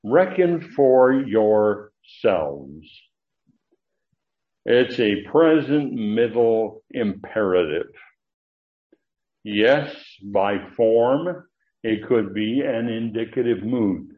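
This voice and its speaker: A man teaching a verse-by-verse Greek Bible lesson, deliberate, with frequent fillers and emphatic rises. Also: lowish voice. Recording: dull lo-fi recording.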